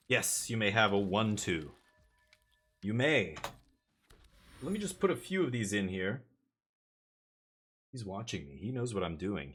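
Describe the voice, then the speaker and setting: A man's voice: mid-range voice, fairly bright tone. A man chatting casually as he streams a card game, rambling with jokey asides. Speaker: live streamer. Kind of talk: casual gameplay commentary.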